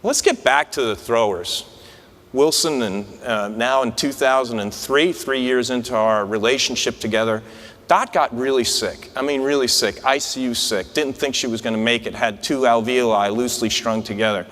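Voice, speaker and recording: A man's voice: medium pitch, normal speed, fairly bright tone. A man, an incoming society president, giving a conversational, anecdotal conference speech from a podium mic in a large convention hall. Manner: conversational, anecdotal, with frequent restarts. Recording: long hall reverb.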